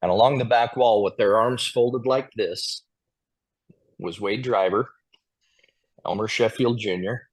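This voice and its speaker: Low-voiced man telling stories. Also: fairly even intonation, a little slow, pauses often, slightly rough. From Montana, USA. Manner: chatty anecdotal storyteller, chuckling now and then. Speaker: square dance caller, podcast guest. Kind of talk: casual storytelling interview.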